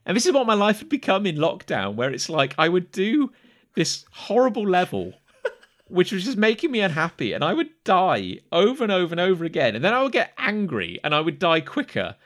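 A man's voice: high-pitched, wildly swooping pitch, fairly quick, a bit bright. A man co-hosting a casual podcast chat, telling a story with self-mocking animation. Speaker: podcast co-host.

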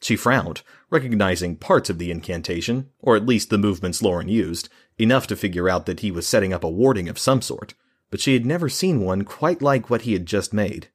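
Deep, husky male audiobook narrator. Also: lively intonation, fairly quick. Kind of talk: scripted fantasy narration.

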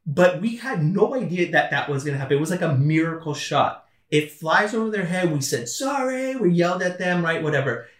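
A male podcast co-host chats casually and tells animated stories, acting out what people said. His pitch is fairly high and he talks a little fast, recorded at a distance in an echoey room.

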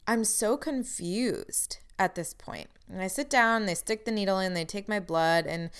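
A woman's voice: mid-range voice, a little slow, smooth. Frustrated woman telling a candid personal story. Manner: candid, frustrated, wry asides.

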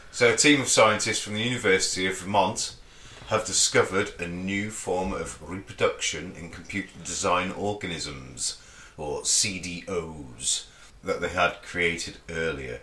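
A man co-hosting a casual comedy podcast, reading out odd news stories in a wry, deadpan way. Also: sits low, a little slow, reverberant.

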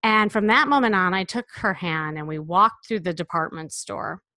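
A middle-aged woman, a personal stylist, telling a story about a client in a lively way, acting out the dialogue. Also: fairly low pitch, normal speed, dry recording. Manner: lively, acts out dialogue in quotes.

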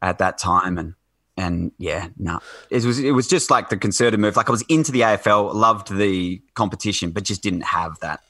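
A man's voice: deep voice, normal speed, pushed and bright, no echo. A man chatting casually as a podcast guest, rambling with lots of fillers and restarts.

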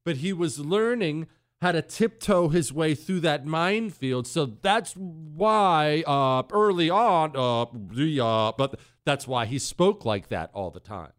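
A man's voice: a little high, animated, slow, no room sound, clean studio sound. Brash sarcastic male radio host. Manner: brash, sarcastic, mocking impressions. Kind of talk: opinionated radio talk.

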